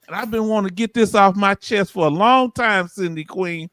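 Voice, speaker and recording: Animated Southern man hosting a livestream. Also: high voice, normal speed, no room sound. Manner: animated, reads comments aloud, folksy. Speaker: livestream host. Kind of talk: casual livestream talk reading viewer comments.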